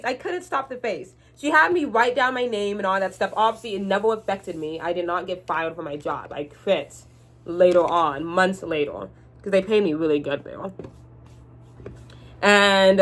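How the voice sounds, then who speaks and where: A young woman tells a storytime on her vlog in an animated, exasperated rant. She swears freely and cannot quite say her R sounds. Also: medium pitch. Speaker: vlogger.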